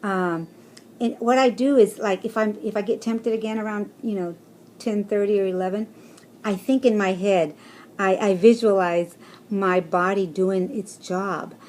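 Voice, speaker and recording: A woman's voice: medium pitch, fairly even intonation, a little slow. Chatty woman vlogging about stress. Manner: chatty, rambling, with fillers and soft laughs; encouraging, speaks to viewers directly. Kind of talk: casual personal vlog.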